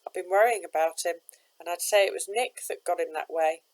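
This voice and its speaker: A woman voicing a kindly boatman with a strange accent, speaking gently and reassuringly in a storybook reading. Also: fairly low pitch, fairly quick, natural voice, low-quality recording.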